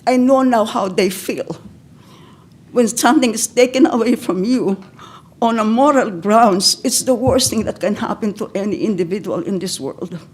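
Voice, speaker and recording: An older woman from the Philippines, giving emotional public comment at a county board meeting, pleading and halting with broken-off restarts, close to tears. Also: mid-range voice, a little mellow, slightly rough.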